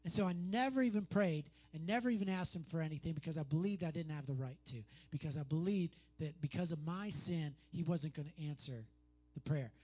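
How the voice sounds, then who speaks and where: A man's voice: a little high, brisk, a little mellow. Emphatic male preacher, repetitive and conversational. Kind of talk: sermon.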